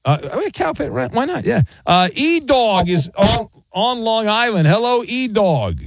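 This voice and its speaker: Sports radio host, male, lively swooping delivery, dry close studio sound, sarcastic ribbing of callers. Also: high-pitched, a little slow, gravelly, no echo. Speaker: radio talk show host. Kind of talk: overnight sports talk radio. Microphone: studio microphone.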